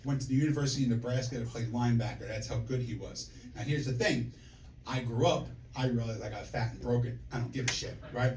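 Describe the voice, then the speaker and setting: A man in his forties performs a stand-up set at a comedy club, rapid-fire in a mid-range voice, spinning profane, brash tales and working the room with frequent "okay?" and "right?" asides. The audio is echoey, captured from a distance amid heavy room noise.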